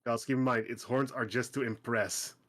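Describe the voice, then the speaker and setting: A man streaming a game, chatting casually and reading entries aloud in a relaxed, rambling way. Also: medium pitch, normal speed. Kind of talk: casual gaming chat. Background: faint game music.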